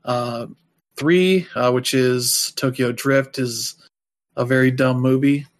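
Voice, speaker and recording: A man in casual podcast chat, talking at a middling pitch. He rambles loosely, filling gaps with "like" and "uh", and tosses in wry, offhand asides. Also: fairly even intonation, slow. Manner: rambling, loose, heavy with fillers.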